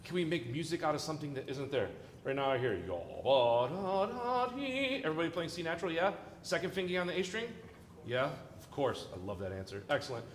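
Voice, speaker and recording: In an echoey large concert hall with long reverb, an orchestra conductor coaches his players with jokes and encouragement. His high-leaning voice is expressive and quick, and the recording carries a little hiss or hum.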